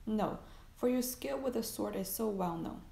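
A woman's voice: medium pitch, animated, moderate pace, vocal fry, dark tone, echoey room. A woman voicing an earnest, anxious young soldier, reading his lines in a pleading way.

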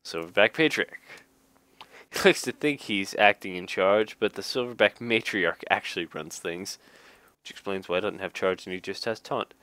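This man's fairly low voice swings widely in pitch and comes out pushed and bright at a moderate pace, recorded with no room sound. A gaming YouTuber, he casually reads card flavor text, laughing at his own jokes and slipping in dry asides.

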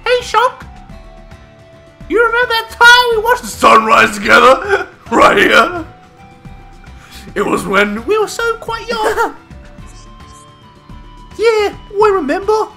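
A man voicing a sweet young woman teasing her childhood friend in a giggly falsetto. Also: big pitch swings, slow pace, vocal fry, long pauses, pushed and bright, soft background music, exaggerated voice.

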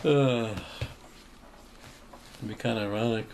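In a slow, mid-range voice with a darkish tone, a young man vlogs casually to the camera. He rambles, cracks jokes, and plays out made-up exchanges, with faint noise in the background.

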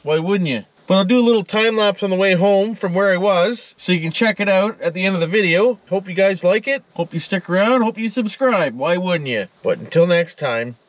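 A man's voice: high voice, animated, brisk, few pauses, no room sound, low-quality recording. A man chatting casually while flying a drone outdoors by a frozen river, talking to the drone and the birds. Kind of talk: casual running commentary.

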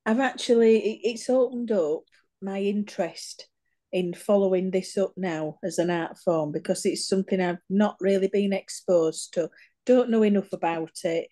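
A woman with a mellow, darker tone chats on a video call. She speaks candidly and with enthusiasm, and her words come out plainly. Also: medium pitch, moderate pace. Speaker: poetry event participant. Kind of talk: casual video call chat.

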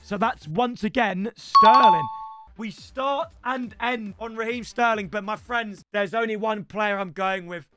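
A young Englishman commentating his football video game with energetic, shouty, slangy banter aimed at his viewers. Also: very high-pitched. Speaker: gaming YouTuber. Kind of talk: excited gameplay commentary.

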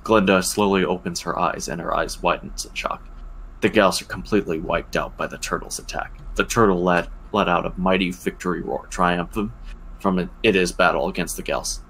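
Deep-voiced wisecracking man co-hosting. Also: fairly even intonation, fairly bright tone, slight background noise, poor audio. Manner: wisecracking, drops quick jokes. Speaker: podcast co-host. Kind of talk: comedic read-aloud and banter.

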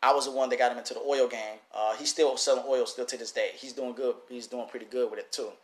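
A man selling oils who gives an animated, casual motivational lesson, often repeating and restarting his phrases. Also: medium pitch, quick pace, roomy sound. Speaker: oil seller teaching a lesson. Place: works in Detroit.

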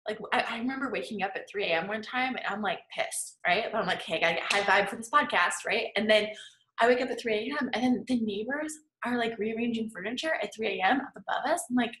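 A woman's voice: fairly high pitch, fast, a bit bright. A woman manifesting coach teaching in a casual, chatty way, tagging her points with "right?" and "okay?". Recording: echoey room.

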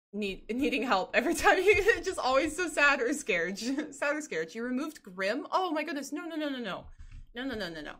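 A woman's voice: high voice, bright, forceful tone. A woman streaming a game, chatting casually and bubbly with her chat, laughing often.

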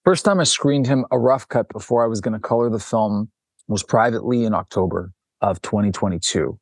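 This man speaks fairly quickly in a fairly low voice, recorded at studio quality with no room sound. He's a documentary director appearing as an interview guest, animatedly telling a story, performing the dialogue of its characters, and often starting sentences over.

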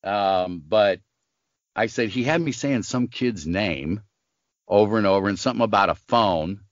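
A man's voice: lowish voice, unhurried, dry recording, dull audio. An older man, a voice actor and smoker, telling stories in an interview and acting out the people in them. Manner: animated storyteller acting out quoted voices. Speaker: voice actor guest. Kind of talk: casual storytelling interview.

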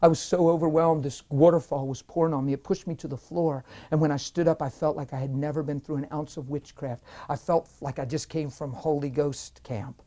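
A man's voice: a little high, fairly quick, hardly any pauses. Emphatic male preacher giving testimony. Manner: emphatic, excitable storytelling. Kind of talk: testimony in an interview.

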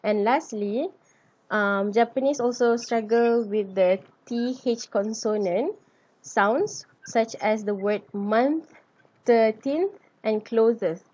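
Slow, husky-voiced young woman presenting. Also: fairly high pitch, a little mellow. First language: Malay. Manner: hesitant, many ums and restarts. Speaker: student presenter. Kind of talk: class presentation. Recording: dull lo-fi recording.

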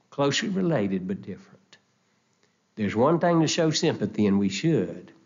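An older man preaching a sermon, often repeating words and climbing to high, emphatic pitch as he presses a point. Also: a little mellow, lo-fi sound.

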